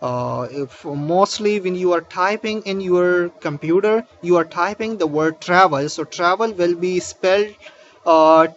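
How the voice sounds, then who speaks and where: A man teaching a grammar lesson, explaining slowly with many fillers and restarts. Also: high voice, highs cut off. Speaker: English teacher.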